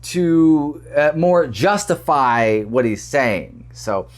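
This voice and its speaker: A man hosting a casual commentary vlog, animated and often repeating words as he argues his point. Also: a little high, drawn-out words, slight background noise. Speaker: vlog host.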